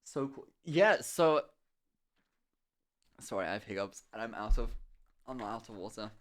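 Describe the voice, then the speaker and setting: A man's voice: on the low side, unhurried. Laughing man telling stories to chat. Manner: animated storytelling, frequent laughter, swearing. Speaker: live streamer. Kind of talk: casual chat with stream viewers.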